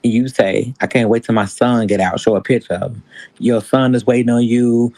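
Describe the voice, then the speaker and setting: A man hosts a casual livestream chat. He tells the story with animated energy and keeps slipping into other people's words. His voice is mid-pitched, close and dry, with no room sound. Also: moderate pace, no echo, low-quality recording. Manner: animated storytelling, acts out quotes. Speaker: stream host.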